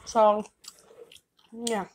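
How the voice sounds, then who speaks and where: A young girl hosting a casual food-tasting vlog, chatty and excited, getting loud when she tastes. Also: very slow, heavy background noise. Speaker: vlogger.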